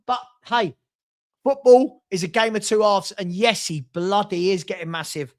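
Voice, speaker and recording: A man in middle age with a London accent runs a relaxed live stream, chatting between football scores and viewer messages. His voice sits high for a man. He talks in a loose, offhand way. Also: normal speed. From South London. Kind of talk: casual live-stream chat.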